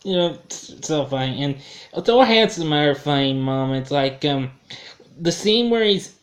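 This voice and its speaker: A man's voice: fairly high pitch, lively intonation, a little slow. A man giving a casual film review, rambling and correcting himself as he goes. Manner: rambling, self-correcting, chuckles at his own slips.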